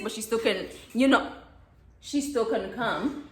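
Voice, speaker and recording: A young woman telling a casual storytime in a chatty, animated way, acting out quotes. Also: high voice, moderate pace. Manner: animated, chatty, laughs often, acts out quotes. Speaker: vlogger. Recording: echoey room.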